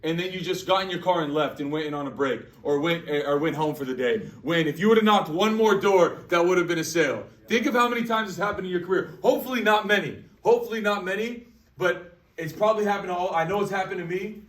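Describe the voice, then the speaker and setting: Man with a high voice, energetic sales trainer, repeats himself, roomy hall, distant mic. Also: quick pace. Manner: energetic, repeats his phrases. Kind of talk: motivational training talk. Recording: echoey room, distant mic.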